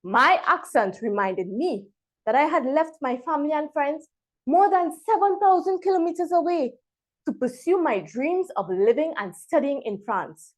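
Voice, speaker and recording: A woman from Trinidad and Tobago, giving a prepared speech over a video call and pausing dramatically between words. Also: high-pitched, animated. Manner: dramatic pauses, emphatic word-by-word delivery. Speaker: club member giving a speech.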